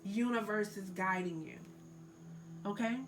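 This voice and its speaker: Speaking unhurriedly over music, a woman with a medium-pitched, fairly even voice gives a casual tarot reading. It's loose and full of likes and ums as she sincerely urges the listener to let go.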